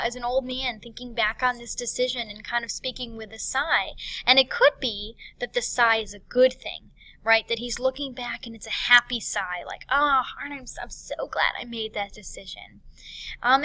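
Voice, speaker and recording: A woman's voice: a little high, sharp tone, poor audio. A young woman teacher talking through a poem in a recorded lesson, explaining step by step with many fillers and restarts.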